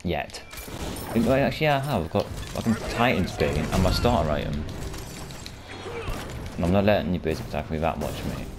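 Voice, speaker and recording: A man giving casual, rambling commentary over his own gameplay, swearing often and breaking into loud shouts and laughter. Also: low-pitched, lively intonation, moderate pace, pauses often, music in the background. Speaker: gaming video creator.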